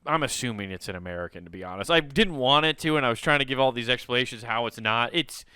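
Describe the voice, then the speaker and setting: A man co-hosting a podcast, joking crudely, laughing often and breaking into loud mock voices. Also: medium pitch, expressive, quick pace, clean tone, dry recording, studio quality. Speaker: podcast co-host. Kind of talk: casual comedic banter.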